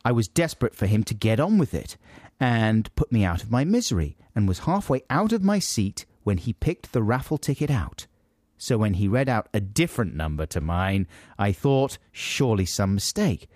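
A man's voice: fairly low pitch, very animated, normal speed, a little mellow, no room sound. A man co-hosting a podcast, reading out a listener's letter in a casual, jokey way with dry asides. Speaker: podcast co-host.

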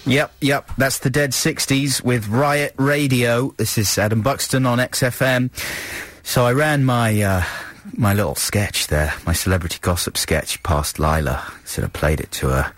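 A man's voice: mid-range voice, a little slow, a bit bright. A man hosting a music radio show, chatting in a rambling, self-deprecating way with frequent chuckles. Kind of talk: casual radio chat. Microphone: studio microphone.

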